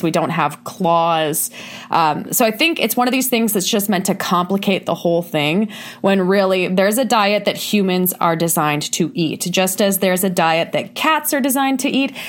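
A woman hosting a talk radio show, speaking in a casual, blunt, sarcastic monologue full of rhetorical questions. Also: medium pitch.

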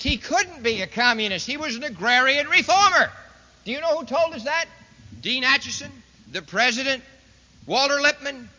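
In a reverberant hall, captured on a dull lo-fi recording, a man gives a sarcastic, folksy political speech full of rhetorical questions. His pitch is extremely high and his tone is sharp.

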